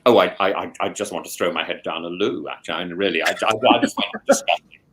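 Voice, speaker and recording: A man hosting a casual chat, talking with many restarts and repeated words and animated asides. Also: low voice, quick pace, poor audio. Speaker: podcast host, professor. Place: home in lockdown.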